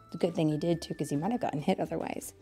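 A woman voicing a skeptical male blue turtle who speaks in a doubtful, deliberate way. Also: low-pitched, steady tone, dark tone, husky, faint music behind, heavily acted.

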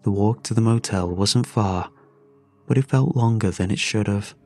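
A man giving a measured, somber first-person narration of a horror story. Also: on the low side, mellow, soft background music.

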